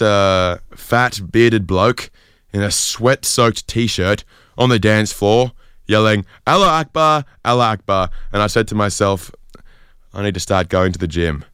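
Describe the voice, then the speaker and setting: Man, young, low voice, smooth and crisp, dry close sound, deadpan storytelling. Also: no echo. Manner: rambling, deadpan, lots of fillers. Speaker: podcast host. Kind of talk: casual comic storytelling.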